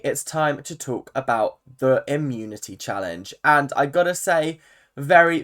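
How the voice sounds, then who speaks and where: A vlogger giving a casual, chatty recap of a reality show, full of fillers and animated asides. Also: medium pitch. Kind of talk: casual commentary.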